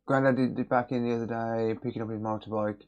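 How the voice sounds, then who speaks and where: A man hosting a casual repair livestream, greeting viewers by name in a relaxed, jokey way from a cluttered home workshop. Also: medium pitch, fast, lo-fi sound. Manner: relaxed, jokey, reads chat names aloud.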